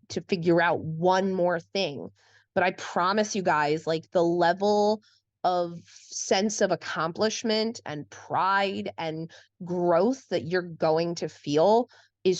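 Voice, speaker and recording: A woman's voice: lowish voice, dry recording, dull audio. A woman co-hosting a podcast in casual conversation, chatty and full of "like" fillers, often acting out quoted speech. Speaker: podcast co-host.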